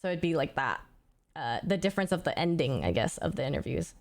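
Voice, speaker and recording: A woman's voice: deep voice, expressive, a little fast. A young woman streamer in casual chat, rambling and thinking aloud as she answers questions.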